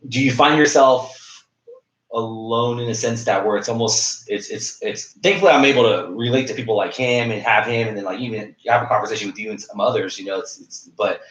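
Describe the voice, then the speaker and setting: A man's voice: on the low side, a little fast. A man hosting a podcast, chatting casually and animatedly with frequent stumbling restarts. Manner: animated, stumbling restarts, acts out other people's talk. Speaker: podcast host, realtor. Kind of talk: casual interview conversation. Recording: echoey room, dull lo-fi sound.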